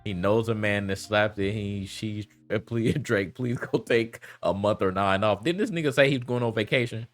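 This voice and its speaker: A man's voice: lowish voice, normal speed, few pauses, soft background music. A man giving a casual, slangy commentary rant, laughing often and talking loosely with lots of fillers. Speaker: commentary vlogger.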